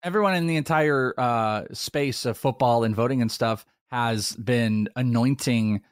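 A man's voice: mid-range voice, studio quality. Podcast co-host, male, loose rambling delivery, dead room, no reverb. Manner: rambling, animated, quick asides. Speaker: fantasy football podcast host. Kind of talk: casual sports chat.

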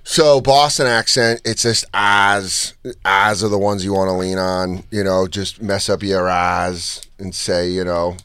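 A man's voice: low-pitched, fairly even intonation, a little slow, a bit bright, smooth, dry recording. A man hosting a comedy podcast, coaching others on voices and laughing a lot. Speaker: podcast host. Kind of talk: casual comedy podcast banter.

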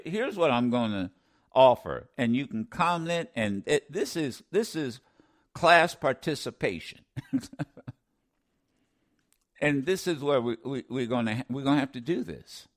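A man's voice: mid-range voice, big pitch swings, normal speed. A man hosting a talk radio show, commenting with passion, often stammering and restarting, repeating lines for emphasis like a preacher.

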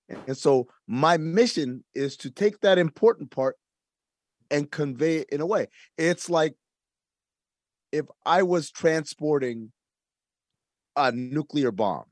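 Slightly high-pitched, a man chats casually and explains his views in an earnest way, using analogies to make his case. The recording is studio quality with no room sound.

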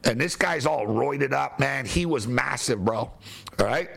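A man telling a story in casual chat, animated and laughing as he talks, with some swearing. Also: mid-range voice, a little slow, creaky, slightly rough. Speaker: podcast guest telling a story.

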